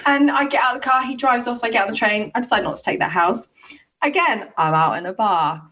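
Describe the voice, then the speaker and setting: A woman's voice: a little high, fast. A young woman tells a rambling story in casual podcast chat. She swears a lot and trips over her words. Her voice sounds a little distant from the mic. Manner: animated, swears freely, lots of restarts. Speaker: podcast co-host telling stories.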